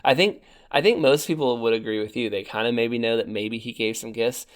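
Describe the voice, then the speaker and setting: A man's voice: mid-range voice, a little fast. A young man co-hosting a podcast, talking casually and chattily with fillers and restarts. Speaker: podcast co-host.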